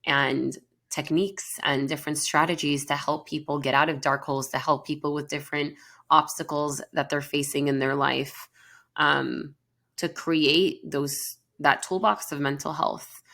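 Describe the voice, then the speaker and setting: Low-voiced woman counselor chatting. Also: flat delivery, unhurried, a bit bright. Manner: earnest, chatty, many fillers. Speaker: podcast co-host, counselor. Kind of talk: casual podcast conversation.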